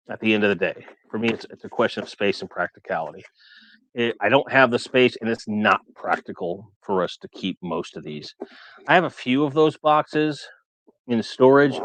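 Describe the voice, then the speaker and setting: Guy with a lowish voice hosting a collector livestream, rambly casual chat, reads comments out, dry close sound. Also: expressive, moderate pace, dry recording. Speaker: toy collector livestream host.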